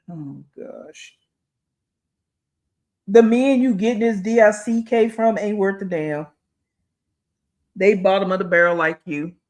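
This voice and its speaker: A man's voice: sits high, a bit bright. A man hosting a reaction video, giving blunt, mocking commentary on played clips.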